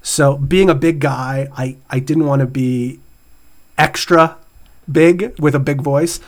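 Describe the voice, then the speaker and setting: A middle-aged podcast host with a medium-pitched, steady voice takes his time as he chats casually. He laughs often and reads out would-you-rather questions.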